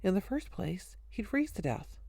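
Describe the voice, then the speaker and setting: A woman's voice: mid-range voice, big pitch swings, moderate pace, creaky, mellow, husky, no echo, clean studio sound, exaggerated voice. A woman reading the part of a cocky young man, slangy and wisecracking. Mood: griping. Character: brash cocky young man, show-off party guest.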